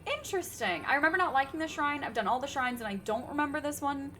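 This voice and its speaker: A woman talks casually through a game stream, greeting viewers and musing aloud with a slightly sore throat. Her voice sits a bit high and swings animatedly, with soft music underneath. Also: expressive, fast talker. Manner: chatty, greets chat, thinks aloud. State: sore throat, sipping tea. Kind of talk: casual game livestream chat.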